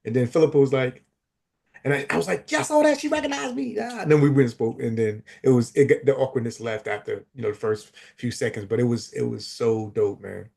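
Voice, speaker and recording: A man chatting casually on a livestream, telling stories in an animated, slangy way. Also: mid-range voice, brisk, vocal fry. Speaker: community member on a livestream. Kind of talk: casual chat.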